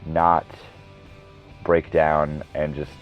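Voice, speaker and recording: A man's voice: a bass voice, little pitch movement, drawn-out words. A man in his thirties hosting a solo podcast, rambling casually, going off on tangents and correcting himself as he goes. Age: 30s. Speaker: podcast host. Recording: dull lo-fi recording with music behind. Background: background music.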